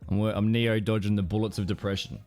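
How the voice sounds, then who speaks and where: An Australian man chatting casually and profanely with his live stream audience, rambling into animated stories. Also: fairly low pitch, fast talker.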